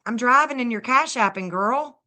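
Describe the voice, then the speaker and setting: A woman's voice: on the high side, expressive, moderate pace, sharp tone. Gushing woman thanking stream viewers. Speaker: livestream host and astrologer. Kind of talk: casual livestream chat.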